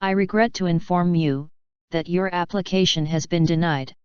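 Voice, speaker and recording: A woman reading short English example phrases aloud one by one in a slow, careful lesson delivery. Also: fairly low pitch, fairly even intonation, darkish tone, clean tone, no echo, lo-fi sound. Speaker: English teacher.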